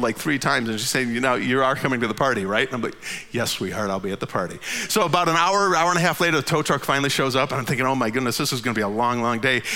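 A man in his fifties telling a funny personal story, his voice leaping up at the punchlines and sinking low and quiet for the tired asides. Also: in a large hall. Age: 50s. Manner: animated, jumps high in pitch at the funny parts.

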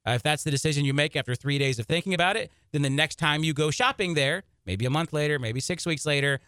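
A man hosting a personal finance radio show, giving emphatic, energetic advice. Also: on the high side, fast talker, smooth, dry recording, clean studio sound.

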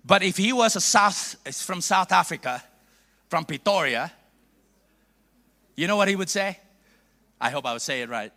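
A middle-aged Filipino bishop preaches in a high, bright voice. His pitch swings widely as he jokes with the congregation. The delivery is playful and animated, full of quick asides. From Philippines. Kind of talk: sermon.

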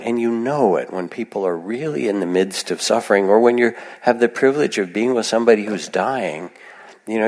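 A man giving a gentle, reflective meditation talk to a live audience, with soft asides in other voices. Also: on the low side, gravelly, in a large hall. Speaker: meditation teacher. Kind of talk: dharma talk.

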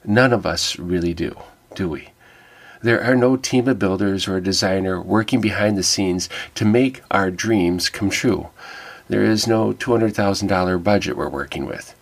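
A man's voice: low voice, moderate pace. A middle-aged man giving an earnest, wry personal reflection that turns to faith. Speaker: devotional speaker.

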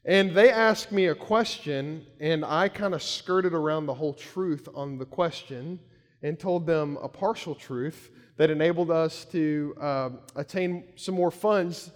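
Pastor preaching in a reverberant hall. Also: male voice, a little high, measured pace. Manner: conversational storytelling, shouts when acting out quotes. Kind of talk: sermon.

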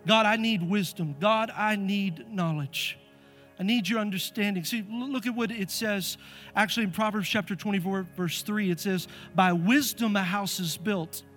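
Male pastor, high voice, animated storytelling sermon, faint music underneath. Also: normal speed. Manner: animated, acts out voices in stories. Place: church sanctuary.

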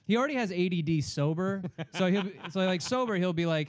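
A young stand-up comedian tells a story in casual chat, animated and swearing a lot as he acts out other people's voices. His voice is fairly high and fast, with hardly any pauses, in a dry, studio-quality recording.

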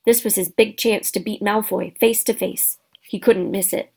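A woman reading a children's storybook aloud as narrator, steady and expressive. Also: mid-range voice, moderate pace, creaky, breathy edge. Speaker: audiobook narrator.

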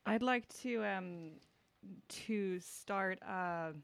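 A woman taking part in a tabletop game, casual and mischievous. She giggles often and swears freely. Her voice sits at an ordinary pitch with a dry, close sound. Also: very slow, creaky, no room sound. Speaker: player.

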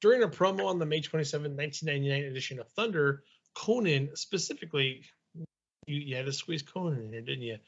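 A man with a fairly high voice reads notes aloud on a podcast, stopping now and then to crack a joke. The lo-fi recording sounds dull. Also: lively intonation, fast talker, creaky. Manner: reads in long runs, breaking off to joke.

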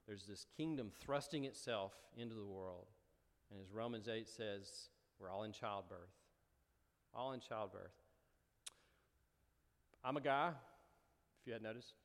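A man preaching a sermon, animated and storytelling with rising emphasis. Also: on the low side. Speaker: pastor. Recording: long hall reverb.

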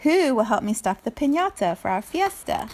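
A woman's voice: a little high, very animated, normal speed, a little mellow. A woman doing a bossy, fed-up iguana. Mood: determined. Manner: insistent, exasperated. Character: bossy, hardworking female iguana.

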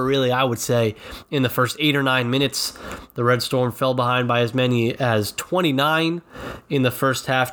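A man's voice: medium pitch, fairly bright tone. Man, podcast host, head cold, nasal, rambling, repeats himself. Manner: rambling, with frequent restarts and repeated phrases. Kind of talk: solo sports podcast recap.

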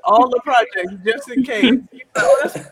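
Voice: medium pitch, normal speed, fairly bright tone. A podcast co-host joking and laughing in a casual chat.

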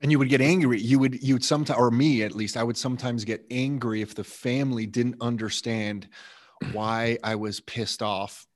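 Male podcast host, casual chat, self-disclosing, mid-pitched, rambling questions. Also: steady tone, normal speed. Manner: chatty and self-disclosing, many fillers and repeats.

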